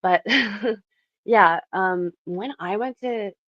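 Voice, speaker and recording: A woman's voice: mid-range voice, extremely slow, no echo, muffled recording. A young woman from Canada chatting casually and animatedly with her livestream viewers from her bedroom, laughing often. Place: home bedroom.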